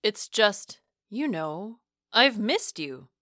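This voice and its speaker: A woman voicing an uneasy young adult boyfriend in an audiobook, speaking a little lower and more subdued than her narration. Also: very animated, very slow, pushed and bright, no room sound, studio quality, full character voice. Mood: apologetic.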